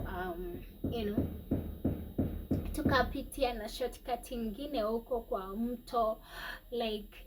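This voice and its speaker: A woman with a Kenyan accent telling a personal story in a vlog, emotional and halting, with sighs and pauses. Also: on the high side. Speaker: vlogger. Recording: distant mic, faint background noise.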